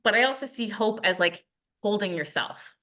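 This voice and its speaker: A woman co-hosting a podcast in casual chat, emphatic and sarcastic, quick to agree. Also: medium pitch, lively intonation, bright, forceful tone. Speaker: podcast co-host.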